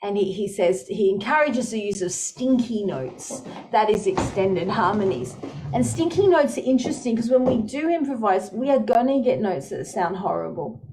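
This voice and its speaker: A woman's voice: medium pitch, animated, moderate pace, a little mellow, slight background noise. A woman music educator giving an enthusiastic, explanatory lecture presentation.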